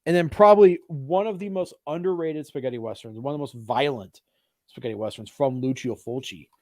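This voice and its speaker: A man co-hosting a casual film chat show, animated and swearing freely. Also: medium pitch, a little fast, dry recording, clean studio sound. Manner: animated, swears freely, does mocking put-on voices. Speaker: podcast co-host. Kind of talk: casual chat about films.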